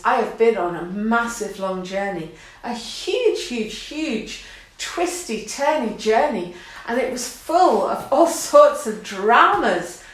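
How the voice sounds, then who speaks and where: A woman's voice: on the high side, a bit bright. A middle-aged woman speaks to camera about her own life, reflective and earnest, and at times she laughs and grows emotional. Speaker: art course host. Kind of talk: personal talk to camera. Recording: very echoey room.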